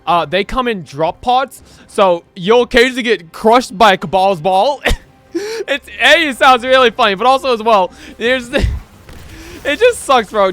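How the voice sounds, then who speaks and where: Young guy rambling over a game, high bouncy voice, kinda sharp, says bro a lot. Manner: rambling, laughs often, slangy with "bro" and "right?". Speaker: gaming YouTuber. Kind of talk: casual gameplay commentary.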